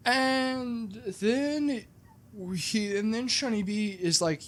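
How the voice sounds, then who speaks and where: A comedic movie reviewer tells a film's plot with sarcastic, animated storytelling and lots of "like" fillers. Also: mid-range voice, slow pace. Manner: frequent "like" fillers.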